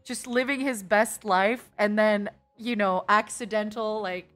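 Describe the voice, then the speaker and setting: A woman's voice: mid-range voice, steady tone, measured pace, fairly bright tone. A young woman streaming a casual chat, dramatic and emotional, laughing often, with faint music behind.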